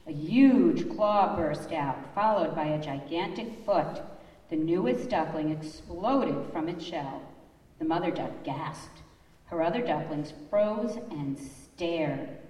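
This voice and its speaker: A woman telling children a story in church, reading a storybook slowly and expressively. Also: sits low, animated, darkish tone. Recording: echoey church hall, far off.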